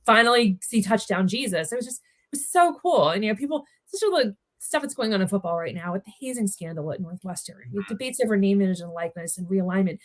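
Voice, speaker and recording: A woman from Maryland talks sports as a guest on a podcast, her voice sitting at an ordinary middle pitch. She is chatty and eager, peppering her speech with "you know" and restarting sentences as she goes. She is heard over a video call. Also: expressive, fast, a little mellow. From Maryland, United States. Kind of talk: casual podcast interview.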